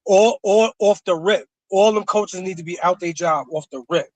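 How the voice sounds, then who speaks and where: A man's voice: sits high, moderate pace, a little mellow, dry recording. A man co-hosting a live stream, emphatic and slangy, repeating his points. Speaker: co-host. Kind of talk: casual live-stream commentary.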